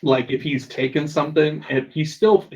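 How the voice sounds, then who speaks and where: A man narrating a tabletop game as game master, halting with many ums and stray laughs. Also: a little high, far from the mic, low-quality recording.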